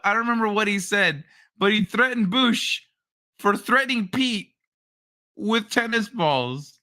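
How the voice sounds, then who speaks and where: Bright-voiced swearing streamer man. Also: sits high, lively intonation, unhurried. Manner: swears a lot, laughs while telling stories. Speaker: livestream host. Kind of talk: casual late-night stream chat.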